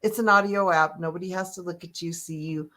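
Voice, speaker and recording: An older woman hosting a live motivational talk, telling stories in an animated, emotional way and laughing often. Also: on the low side, fairly quick. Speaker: host.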